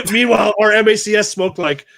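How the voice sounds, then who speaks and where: A man's voice: high-pitched, moderate pace, vocal fry, sharp tone, no room sound. Profane laughing male podcast host. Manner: crude, profane storyteller, laughs often. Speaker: Navy veteran. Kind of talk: casual podcast banter.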